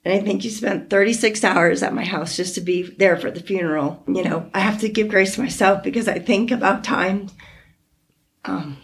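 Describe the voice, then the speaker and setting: A woman hosting a podcast, talking with a close friend in an emotional, heartfelt way, teary and halting at times. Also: medium pitch. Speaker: podcast host. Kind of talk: emotional casual chat.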